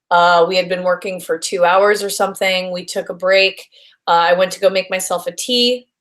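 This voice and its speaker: A woman's voice: medium pitch, a bit bright. A young adult woman, a voice actress guest, chatting in an interview in a bubbly, gushing way with lots of fillers and restarts. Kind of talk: casual interview chat.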